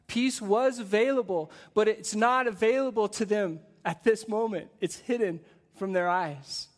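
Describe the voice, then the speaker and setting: A man preaching a sermon in a conversational way, asking rhetorical questions and dropping soft and slow on solemn points. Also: high voice. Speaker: pastor.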